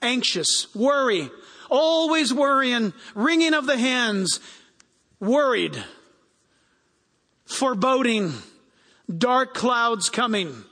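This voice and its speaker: A man preaching a sermon as pastor, animated and acting out the people he quotes. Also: very high-pitched, slow pace, long pauses. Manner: animated, acts out quoted people in raised voices. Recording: long hall reverb.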